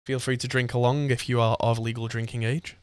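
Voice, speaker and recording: A man's voice: mid-range voice, little pitch movement, brisk, a little mellow, clean tone. A man hosting a podcast, chatting casually and rambling with frequent laughs. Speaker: podcast host. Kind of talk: casual chat.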